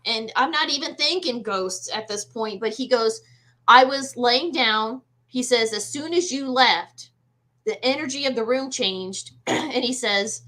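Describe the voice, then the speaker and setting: A middle-aged woman, appearing as a guest medium, casually tells a personal ghost story in a fairly high voice. She speaks unhurriedly and animatedly, acting out the voices in her quotes, though the audio is poor.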